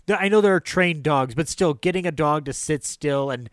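A man co-hosting a casual film podcast, animated and quick to laugh, acting out quotes in a higher voice. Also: dry recording, clean studio sound. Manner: animated, laughs often, acts out quotes in a high voice. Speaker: podcast co-host discussing old films. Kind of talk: casual chat.

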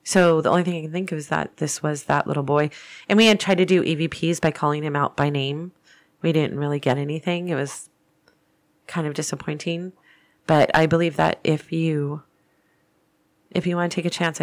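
Low-voiced woman spinning a ghost story. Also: fairly even intonation, a little fast. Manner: chatty, rambling, with frequent restarts. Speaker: paranormal podcast host. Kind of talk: casual storytelling.

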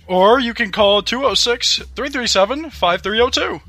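A man's voice: very high-pitched, animated, normal speed, bright, forceful tone, soft background music. A man filling in as guest on a podcast, playful and self-mocking in casual banter. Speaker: fill-in guest co-host.

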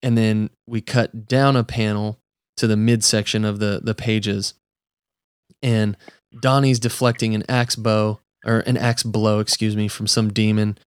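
Low-pitched guy on a podcast, excited and chatty, says dude a lot, dry close mic. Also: unhurried, clean tone, no echo. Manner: enthusiastic, chatty, lots of "like" and "dude". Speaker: podcast host. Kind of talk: casual comic book review chat.

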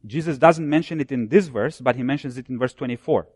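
A man preaching a sermon, building his points through repeated phrases and dropping low and soft when he cites scripture. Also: quick pace, slightly rough, no echo, clean studio sound.

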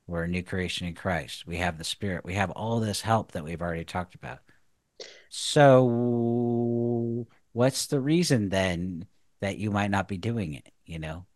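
A deep-voiced man co-hosts a faith talk show on marriage. He sounds earnest and a touch preachy, with lots of restarts and "you know." The sound is dry and close. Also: unhurried, no echo. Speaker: podcast co-host.

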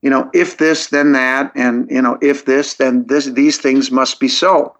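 A podcast guest speaks in a mid-range, slightly bright voice with little pitch movement and a measured pace. He earnestly works through his reasoning step by step, often restarting sentences as he tells his story logically. The audio is dull and lo-fi.

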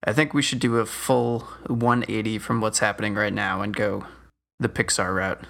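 A man's voice: lowish voice, flat delivery, moderate pace, gravelly, a bit bright. A man co-hosting a podcast in casual chat, upbeat and egging his friends on. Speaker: podcast co-host.

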